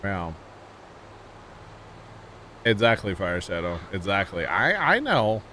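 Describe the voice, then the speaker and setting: St. louis guy streaming a farm game, lowish voice, chatty and rambling, bit of hiss behind. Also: sing-song, slow pace, sharp tone. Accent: St. Louis, Missouri. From Missouri, US. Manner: chatty, laughs easily, rambling. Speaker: livestream gamer. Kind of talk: casual chat with stream viewers.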